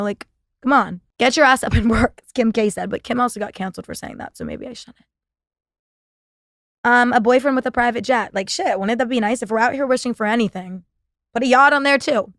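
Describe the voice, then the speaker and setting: A woman's voice: mid-range voice, creaky, dry recording, studio quality. A young woman hosting a podcast, talking in a sarcastic, profane, rambling casual monologue. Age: young adult. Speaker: podcast host.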